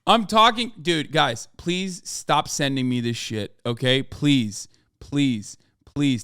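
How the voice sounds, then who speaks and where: A man's voice: fairly high pitch, a bit bright, clear, resonant tone, dry recording, clean studio sound. A man streaming live, reacting casually and swearing freely, slipping into exasperated rants. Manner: profane, ranting, exasperated.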